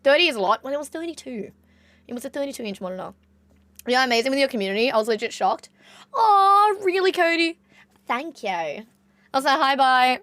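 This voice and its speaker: A young woman with a broad Australian accent chats casually with her live-stream viewers. Her voice sits a little high. She swears now and then, and the sound is dry and close, with no room echo. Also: very animated, a little fast, fairly bright tone. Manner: chatty, swears casually, reads chat aloud.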